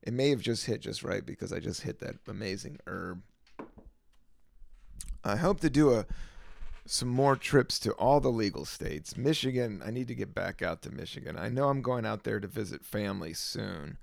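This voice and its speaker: Gravelly, creaky-voiced man rambling. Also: lowish voice, normal speed, no echo. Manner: relaxed, meandering, lots of fillers. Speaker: podcast host and stand-up comedian. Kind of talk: casual rambling monologue.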